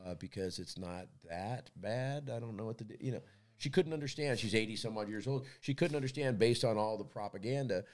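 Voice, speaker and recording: A man's voice: on the low side, fairly quick, darkish tone. Blunt storytelling man, casual chat. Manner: storytelling, repeats words while he talks; blunt and profane. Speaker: podcast co-host.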